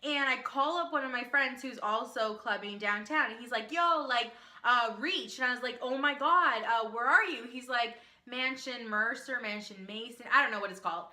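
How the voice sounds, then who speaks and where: A young woman telling an excited storytime to her vlog viewers, talking fast with lots of "like" and acted-out quotes. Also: fairly high pitch. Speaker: vlogger. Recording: echoey room.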